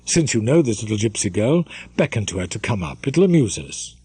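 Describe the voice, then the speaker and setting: A man's voice: lowish voice, big pitch swings, brisk, warm tone, breathy edge, dry recording, full character voice. An actor voicing a young noble lady who coaxes her cousin, in a raised, airy voice. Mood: teasing.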